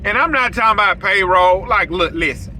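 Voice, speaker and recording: A man's voice: high-pitched, fairly quick, pushed and bright, slight background noise, rough recording. A man, a welder hosting his own show, telling a story straight to his viewers in a blunt, preachy way. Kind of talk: casual storytelling monologue to viewers.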